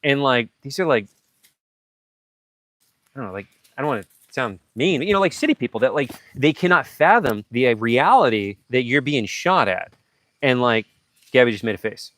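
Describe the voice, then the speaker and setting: A man hosting a livestream, telling a story casually and acting out sound effects and shouted lines. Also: medium pitch, expressive, moderate pace, no room sound. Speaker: livestream host.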